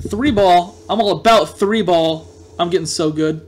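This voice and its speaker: Guy with a high voice narrating his gameplay, gets loud and worked up, faint hiss behind. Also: normal speed. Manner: excitable, loud outbursts of frustration. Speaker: gameplay commentator. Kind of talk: let's play commentary.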